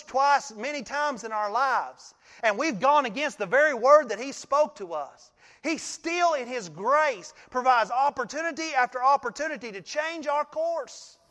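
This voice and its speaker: A male pastor giving a sermon, telling the story in an animated way and often laughing. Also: extremely high pitch, in a large hall.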